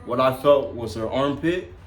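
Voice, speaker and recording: A young man telling the story of his child's birth in a casual chat, animated and laughing, often calling the listener "bro". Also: mid-range voice, normal speed, reverberant.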